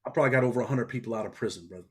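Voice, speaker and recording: A middle-aged man talks quickly in blunt, streetwise phrases. He keeps dropping "man" and "bro" as he tells his stories. His voice sits in a middle pitch. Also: a crowd in the background. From New York. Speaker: interview guest, former prisoner. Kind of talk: casual interview storytelling.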